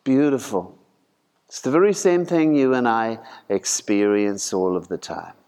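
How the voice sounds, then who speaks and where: A man preaching a conversational sermon in a folksy way, acting out voices with sudden leaps in pitch. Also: measured pace, dark tone. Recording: long reverb of a large hall.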